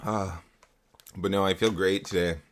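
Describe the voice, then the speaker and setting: A man's voice: low-pitched, fairly even intonation, measured pace. A young man chatting casually on a live stream, swearing often and repeating himself, into a desktop mic at home. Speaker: livestreamer. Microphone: desktop USB mic.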